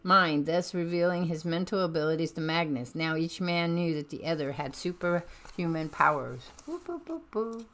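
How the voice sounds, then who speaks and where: A woman's voice: sits low, steady tone, moderate pace, a bit bright. A woman streamer reading a comic aloud on a live stream, with chatty, self-deprecating asides.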